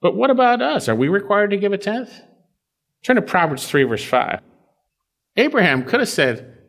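A man's voice: high-pitched, sing-song, normal speed, fairly bright tone. A man preaching a verse-by-verse Bible sermon in a conversational way, repeating phrases and checking in with his listeners.

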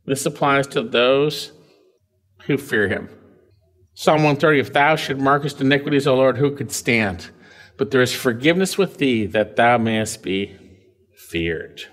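A man's voice: expressive, a little slow, fairly bright tone. A man preaching an expository sermon, emphatic and conversational, with frequent asides to the congregation. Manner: emphatic, pitch rising and dropping widely between phrases.

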